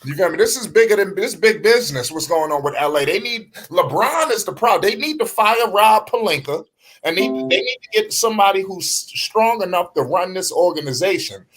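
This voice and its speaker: A man hosting a casual live sports talk show, animated and profane, often asking whether the listener understands. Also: sits high, a little fast, soft background music.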